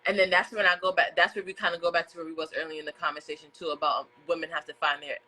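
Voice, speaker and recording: A woman's voice: fairly low pitch, flat delivery, very fast, pushed and bright, poor audio. A woman hosting a podcast in casual conversation, talking earnestly and repeating phrases for emphasis. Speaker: podcast host. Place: indoor room with a fan.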